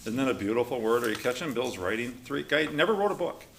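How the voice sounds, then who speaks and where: A man with a gravelly, fry-edged voice teaches a recovery class in a loose, conversational way. He gets animated and acts out quotes, with a faint hiss of noise behind him. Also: medium pitch, quick pace. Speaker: class leader.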